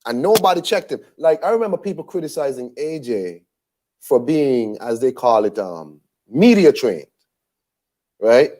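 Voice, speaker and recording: A man co-hosting a casual boxing chat, animated and incredulous, repeating himself when he gets heated. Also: mid-range voice, a little slow. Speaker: boxing podcast co-host.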